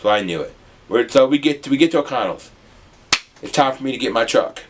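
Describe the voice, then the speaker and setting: A young man from the US Midwest, telling a rambling, animated storytime with some swearing. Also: mid-range voice, fairly quick, background noise. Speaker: vlogger. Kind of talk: casual storytime.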